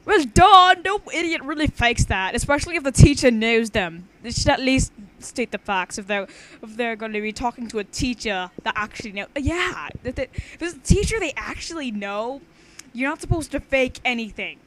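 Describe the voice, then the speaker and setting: A woman's voice: fairly high pitch, animated, normal speed, a bit bright. A young woman casually reading her own story aloud, chatting and rambling with frequent stumbles and restarts. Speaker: story reader.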